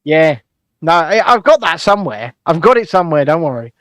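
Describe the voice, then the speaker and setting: A man co-hosting a loose, joking podcast chat, playful and teasing. His voice sits a little high for a man. The recording is dry and close, with no room echo. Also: big pitch swings, brisk, a bit bright. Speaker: podcast co-host. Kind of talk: casual chat.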